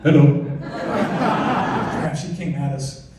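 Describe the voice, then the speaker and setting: A man giving a lively slide talk about wildlife photography, excitable and animated, often interrupting himself. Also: sits high, brisk, heavy background noise. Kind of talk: lively presentation to an audience. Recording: distant echoey hall recording.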